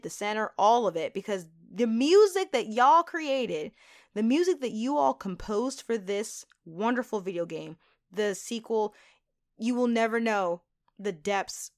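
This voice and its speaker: A woman hosting a solo podcast, talking in a gushing, emotional way with big swings in her voice. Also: on the high side. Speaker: podcast host.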